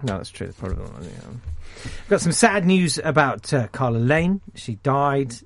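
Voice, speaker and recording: A man's voice: medium pitch, sing-song, moderate pace, dry recording. A man hosting a radio show, chatting casually in a rambling, jokey, self-mocking way. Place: radio studio. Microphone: studio microphone.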